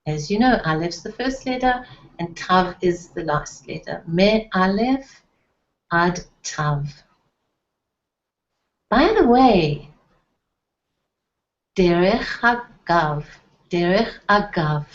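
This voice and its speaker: Slow, careful woman teaching phrases. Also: lowish voice, lively intonation. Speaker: Hebrew teacher. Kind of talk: language lesson. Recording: echoey, dull lo-fi room sound.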